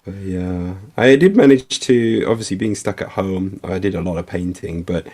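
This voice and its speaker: A man co-hosting a casual livestream chat, talking in a relaxed, chatty way with fillers. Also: sits low, moderate pace. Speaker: co-host.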